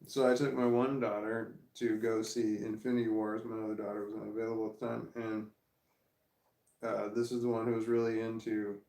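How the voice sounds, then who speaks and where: Speaking fairly quickly in a warm, low-leaning voice with a level tone, a middle-aged man rambles through a story for his casual vlog. He keeps breaking into laughter mid-sentence, and the room echoes.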